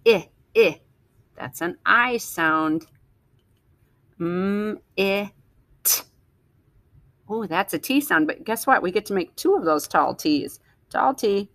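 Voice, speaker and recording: A woman teacher slowly sounding out letters and words for young children in a phonics lesson. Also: lowish voice, creaky, fairly bright tone, no room sound. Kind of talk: early-reading phonics lesson.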